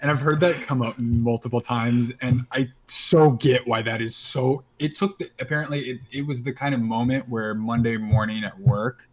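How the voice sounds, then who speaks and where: A man's voice: medium pitch, fairly even intonation, normal speed, hardly any pauses. A man co-hosting a podcast in casual chat, rambling and trailing off as he searches for words. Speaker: podcast co-host.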